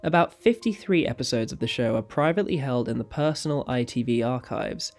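Man, documentary narrator, steady informative reading, mid pitch, soft music underneath. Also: fairly quick, vocal fry. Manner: steady, informative reading with a brief apology for mispronouncing.

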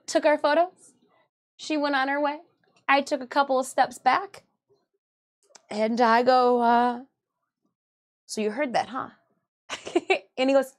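High-voiced woman telling rambling stories. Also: a little slow, long pauses. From Michigan, USA. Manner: rambling and self-correcting, often laughing, acts out quoted dialogue. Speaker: cosplayer and livestream host. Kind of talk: casual storytelling on a livestream.

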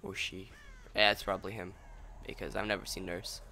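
A man's voice: sits low, little pitch movement, brisk, sharp tone, slight background noise. A young man giving gaming commentary while he plays, swearing a lot and ranting in frustration. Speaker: gameplay video creator.

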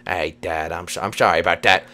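A man's voice: low-pitched, a little fast, pushed and bright, voice pushed down. A man voicing a mischievous son in a Minecraft role-play, whiny and cheeky.

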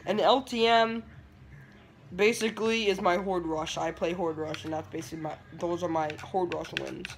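A man giving live gameplay commentary, excitable and trash-talking, breaking into yelling outbursts. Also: sits high, normal speed, slight background noise. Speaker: gameplay streamer.

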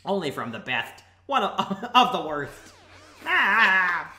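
A mischievous little boy monster prince from a game fan dub, voiced by a woman, goofy and playful. The voice is low-set but leaps around. The room is echoey. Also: big pitch swings, takes it slowly, sharp tone, faint music behind, exaggerated voice.

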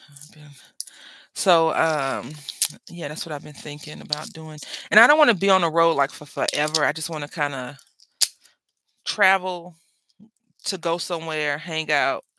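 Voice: mid-range voice, expressive, normal speed, long pauses, sharp tone, no room sound. A parent of school-age children hosting a papercraft session, chatting casually and rambling while crafting. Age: adult with school-age kids. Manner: rambling, chatty, self-interrupting. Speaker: papercraft channel host.

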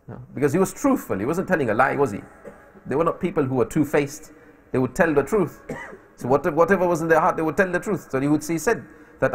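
A man's voice: fairly high pitch, animated, fast. A man preaching a sermon in a mosque, telling a story and voicing its speakers, with emphatic rises. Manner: voices the story's speakers, rising to emphatic peaks.

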